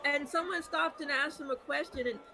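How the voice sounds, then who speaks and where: A woman co-hosting a casual live show, telling funny stories about herself with lively, self-deprecating energy. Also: high-pitched, brisk, rough recording. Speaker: podcast co-host. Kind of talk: casual storytelling chat.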